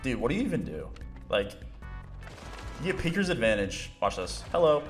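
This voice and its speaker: Excitable young man streaming a shooter. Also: fairly low pitch, moderate pace. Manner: excitable, laughs often, swears, mimics players. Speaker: gaming YouTuber. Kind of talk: casual gameplay commentary. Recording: game music and gunfire behind.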